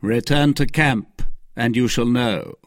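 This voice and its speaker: A man reading aloud, voicing a calm, noble male musketeer who speaks coolly and firmly. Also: mid-range voice, slow pace, no echo, clean studio sound.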